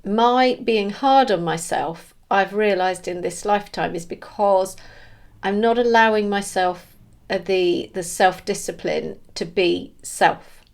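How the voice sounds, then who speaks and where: A woman giving an earnest, emotional spiritual monologue, halting and restarting as she searches for words. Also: mid-range voice, gravelly. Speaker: spiritual vlogger.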